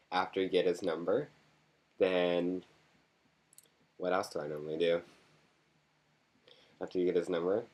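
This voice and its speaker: A man vlogging in a casual chat to his camera, rambling from topic to topic with jokes and self-mocking asides. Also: lowish voice.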